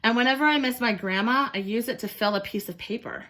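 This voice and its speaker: A woman voicing a gentle, thoughtful young girl while reading a picture book aloud. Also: on the high side, fast.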